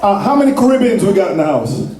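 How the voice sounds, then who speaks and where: A man's voice: high voice, big pitch swings, quick pace. A man joking with a crowd as he hosts a ticket giveaway at a live venue. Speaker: event promoter. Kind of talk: live event hosting to a crowd. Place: large indoor venue. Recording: echoey hall, distant mic.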